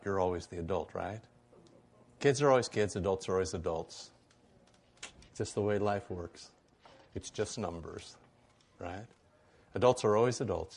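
A middle-aged man preaching a sermon to a congregation in an easygoing, conversational way, often checking in with "right?". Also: on the low side.

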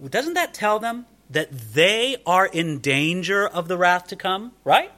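A man preaching a sermon, animated and conversational, often asking rhetorical questions. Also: high voice, measured pace, hardly any pauses. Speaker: pastor.

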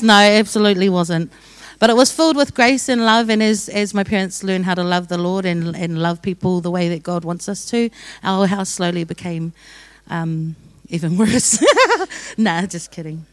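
A woman's voice: fairly low pitch, normal speed, dry recording. A young woman sharing her testimony with a church gathering in a casual, joking way, often laughing as she talks. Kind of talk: sermon testimony.

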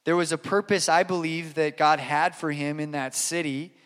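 A man's voice: fairly high pitch, fairly even intonation, normal speed, a bit bright, smooth, big-room sound. A man preaching a sermon, earnest and emphatic, repeating key lines and telling stories. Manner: earnest, emphatic repetition, storytelling. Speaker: pastor.

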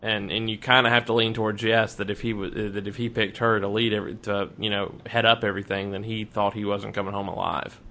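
A man's voice: lowish voice, flat delivery, fairly quick, creaky, hardly any pauses, sharp tone, a little hiss or hum. Man, podcast co-host, casual chat, rambling, restarts mid-sentence. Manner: chatty, rambling with restarts and hedges.

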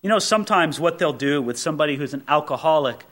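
Animated, high-voiced male preacher. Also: quick pace. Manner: animated, emphatic preaching with rhetorical questions; folksy asides and personal stories. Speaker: pastor. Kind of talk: sermon.

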